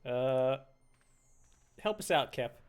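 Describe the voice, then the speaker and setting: A man's voice: medium pitch, expressive, takes it slowly, clean tone. A man streaming a game live, commenting playfully and laughing as he jokes with his audience. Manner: playful, laughing, joking with chat.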